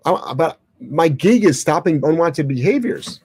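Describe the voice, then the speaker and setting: A man's voice: fairly high pitch, expressive, a little slow, a little mellow, slightly rough, dry recording. Blunt, no-nonsense male dog trainer. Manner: blunt, opinionated, swears casually. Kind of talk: live Q&A answering viewer questions.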